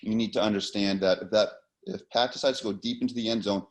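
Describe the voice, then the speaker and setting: Here a fast-talking American hockey officiating instructor walks through where linesmen should stand. His voice is lowish with fairly even intonation, and his casual teaching style is sprinkled with fillers and repeated words.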